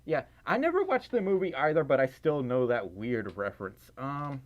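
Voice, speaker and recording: A man's voice: medium pitch, very animated, normal speed, muffled recording. Rambling tired man on a livestream. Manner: rambling and self-deprecating, many fillers and laughs. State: tired, scratchy voice. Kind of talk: casual live stream chat.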